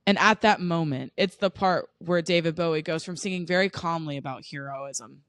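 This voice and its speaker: A woman's voice: fairly low pitch, normal speed, a bit bright, no room sound. A young woman from the United States co-hosting a podcast, chatting casually and bluntly, with lots of "like" and easy laughs. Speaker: podcast co-host.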